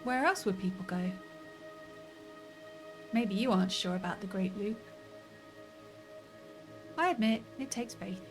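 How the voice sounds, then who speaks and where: A woman's voice: medium pitch, unhurried, long pauses, faint music behind, natural voice. A woman reading the lines of an earnest older male scholar in a story game, with only a slight intonation.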